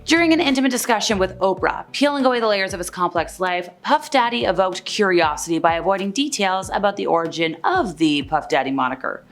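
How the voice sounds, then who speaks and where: A woman's voice: medium pitch, expressive, brisk, few pauses, faint music behind. A woman hosting an entertainment news video in a casual, conversational way, often paraphrasing people with "like". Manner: chatty, conversational, paraphrases others with "like". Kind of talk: casual celebrity gossip commentary.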